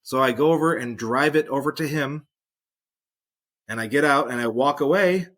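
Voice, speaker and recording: A man on a casual podcast tells a long anecdote in a dry, deadpan way. His voice is bright and forward, and he often acts out what other people said. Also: mid-range voice, moderate pace. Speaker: podcast co-host. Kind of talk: casual storytelling.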